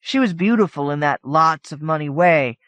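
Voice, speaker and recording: A woman with a deep, animated voice narrates a short story for an audiobook, speaking at normal speed in a chatty first-person telling. Her tone is a bit bright and the recording carries no room sound.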